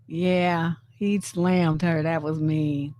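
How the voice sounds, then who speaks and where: A woman from San Francisco hosting a live stream, giving casual, animated commentary on memes and often acting out the lines she quotes. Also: medium pitch, no room sound. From San Francisco, USA.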